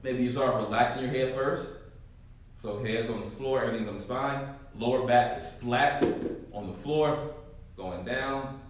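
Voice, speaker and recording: A male fitness coach demonstrating core exercises, talking listeners through each move and often checking with a quick "right?". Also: medium pitch, a little hiss or hum. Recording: very echoey room, mic far off.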